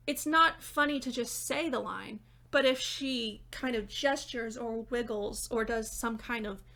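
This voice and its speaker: Reviewer type: young woman, bright and forceful, chatty, laughs a lot, higher voice. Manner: chatty and animated, laughing between points. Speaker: theater critic and dramaturg. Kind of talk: casual video review. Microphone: reading notes off-camera.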